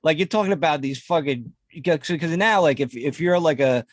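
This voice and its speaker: A man's voice: fairly high pitch, fairly quick, no echo, clean studio sound. A man co-hosting a podcast, profane and mocking, laughing through his stories. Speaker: podcast co-host. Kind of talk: casual chat.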